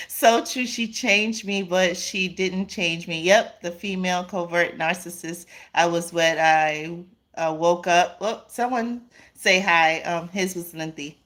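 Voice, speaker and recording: A woman's voice: fairly low pitch, fairly bright tone. A woman hosting a casual live stream, reading viewer comments aloud, laughing often and calling her viewers "y'all" and "honey".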